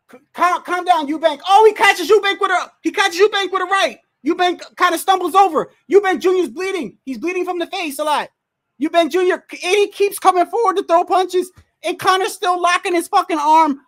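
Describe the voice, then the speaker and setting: Man, high-pitched streamer voice, profane fight reactions, frustrated and animated. Says "bro" a lot. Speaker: livestream host watching a boxing match. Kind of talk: excited live reaction commentary.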